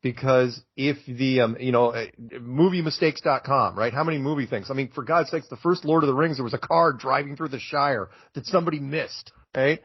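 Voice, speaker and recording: A man talking as a podcast guest in an animated, emphatic way, getting worked up as he makes his case. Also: medium pitch, a little fast, few pauses, breathy edge, dry recording. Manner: excitable, emphatic, gets worked up. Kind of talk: animated conversational rant. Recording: dull lo-fi, dry audio.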